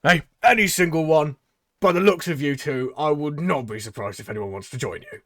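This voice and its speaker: A loud, beaming cat-folk tavern keeper, as a game master puts him on, hearty and pushy like a salesman drumming up recruits. The voice sits higher and louder than the man's usual talk, recorded close and dry. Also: fairly quick, dry recording, close to an everyday voice. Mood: booming.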